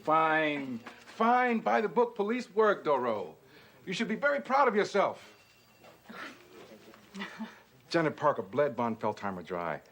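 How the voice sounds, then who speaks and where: An actor playing an exasperated, sarcastic male police captain who shouts. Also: a little high, wildly swooping pitch, a little slow, pauses often, exaggerated voice.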